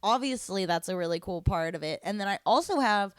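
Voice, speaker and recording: Chatty and quick to laugh, a band's lead singer shares lively stories during a casual interview. She talks a little fast in a mid-range, clean-toned voice, and the studio recording is clean with no room sound.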